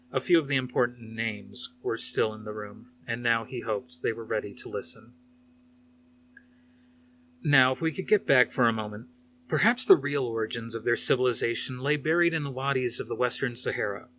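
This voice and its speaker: A man narrating a novel aloud in a steady, plain storytelling manner. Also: medium pitch, slight background noise.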